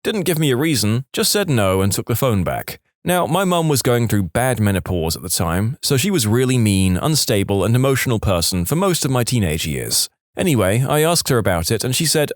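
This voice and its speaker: A man narrating reddit-style stories in an expressive, scripted storytime manner. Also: mid-range voice, fairly quick, few pauses, no echo, clean studio sound. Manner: lively, expressive reading.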